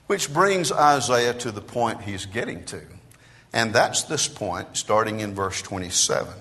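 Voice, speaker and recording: In a church sanctuary, a man preaches a sermon in a bright, forceful tone, his voice trailing a long reverb from the hall. He shifts between hushed asides and loud declarations with a lively, swinging pitch, speaking a little slowly.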